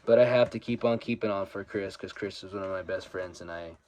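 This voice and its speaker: Young man, lowish voice, loose storytelling, swears casually, slight background noise. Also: brisk, a little mellow. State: grieving a friend. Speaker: record collector vlogger. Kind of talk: casual vinyl haul chat.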